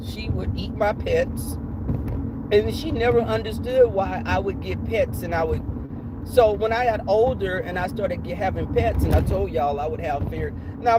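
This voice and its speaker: A man's voice: a little high, heavy background noise. A man with a cold telling funny stories in a laughing, salty-mouthed way on his livestream. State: has a cold. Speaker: livestream host. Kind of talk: casual storytelling.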